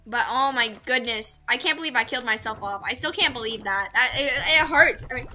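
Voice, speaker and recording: Young female streamer, high and very bright, gushy and chatty, faint music behind. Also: a little fast, few pauses. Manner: gushing, squeals over cute things. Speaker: VTuber streamer. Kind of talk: casual gameplay chat with viewers.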